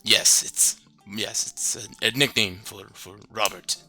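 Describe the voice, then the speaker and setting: A man's voice: on the low side, steady tone, a little slow, bright, forceful tone, soft background music, exaggerated voice. A man voicing a hooded, bearded, pipe-smoking man who speaks in a dry, matter-of-fact way. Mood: curious.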